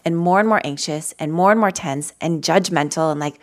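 A woman with a slightly low voice gives a live mindfulness talk to an audience. She speaks gently and conversationally and weaves her own stories through the teaching. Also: a little fast. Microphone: handheld mic.

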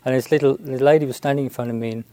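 A man, a Buddhist monk, telling a story in a halting, unhurried way with many restarts and fillers. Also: mid-range voice, steady tone, warm tone, dry recording. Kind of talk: storytelling talk.

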